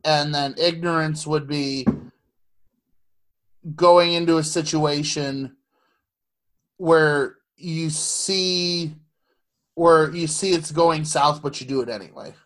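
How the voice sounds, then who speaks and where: A man's voice: a little high, fairly even intonation, takes it slowly, long pauses, fairly bright tone. A man in casual chat who asks questions and gives thoughtful answers, often repeating words as he starts. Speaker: podcast co-host asking questions.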